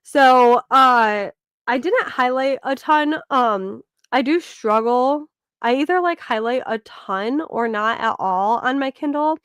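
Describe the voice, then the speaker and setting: A woman's voice: high voice, takes it slowly, fairly bright tone, smooth, dry recording, studio quality. A woman chatting casually in a book club discussion, full of "like" fillers and restarts.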